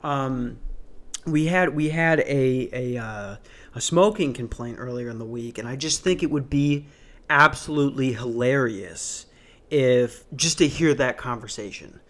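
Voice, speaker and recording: A man's voice: mid-range voice, a little slow, a bit bright. A young man hosting a solo podcast from his small apartment, rambling and joking as he acts out other people's voices. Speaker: podcast host. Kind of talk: casual solo podcast monologue. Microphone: podcast microphone.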